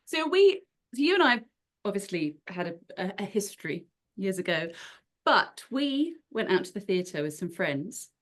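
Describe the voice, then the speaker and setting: A woman's voice: mid-range voice, very animated, normal speed. A woman co-hosting a podcast, chatting casually and teasing her guest with shared memories. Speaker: podcast co-host. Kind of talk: casual chat.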